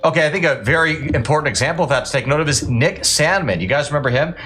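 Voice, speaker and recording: A man with a fairly high, bright, forceful voice delivers opinionated political commentary. He sounds blunt and scornful. Faint music plays under his voice. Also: expressive, fast.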